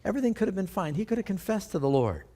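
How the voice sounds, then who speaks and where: A man's voice: high voice, big pitch swings, racing, warm tone. A male pastor preaching a sermon, emphatic and putting rhetorical questions to his congregation.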